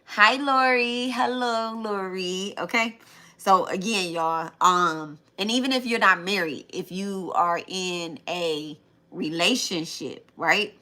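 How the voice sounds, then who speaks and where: A woman's voice: mid-range voice, slow, sharp tone. A young adult woman hosting a live tarot stream, chatting casually and repeating herself as she talks straight to her viewers.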